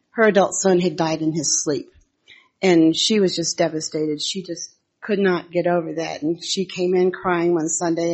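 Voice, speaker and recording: An older woman giving a conversational devotional talk, telling personal church stories and reading Bible verses in a husky voice. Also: fairly low pitch, a little mellow, muffled recording. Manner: homely storytelling with Bible readings.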